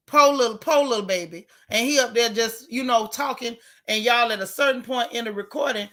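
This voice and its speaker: A woman hosting a casual live stream, reading viewer comments and speaking out in an emphatic, outspoken way. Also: fairly high pitch. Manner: animated, outspoken, emphatic repetition.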